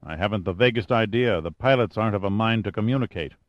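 Man reading as a proud, blunt male scientist, indignant and demanding, low voice, muffled audiobook sound. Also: quick pace, dry recording, close to an everyday voice.

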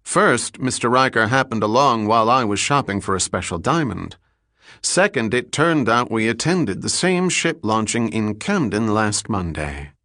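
A man's voice: lowish voice, big pitch swings, normal speed, pushed and bright, no echo, clean studio sound, full character voice. A man voicing a cool, shrewd male detective who talks in a clipped, firm way. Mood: polite.

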